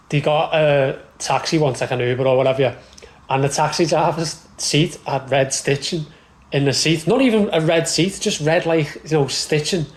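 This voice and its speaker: A man with a Liverpool accent chatting casually about football as a podcast co-host, ranting and swearing with animated laughter. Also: fairly high pitch, roomy sound, rough recording.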